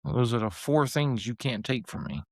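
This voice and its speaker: A man's voice: medium pitch, sing-song, normal speed, dry recording. A man hosting a podcast, talking earnestly in a rambling way with many fillers and restarts. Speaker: podcast host. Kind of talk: casual podcast talk.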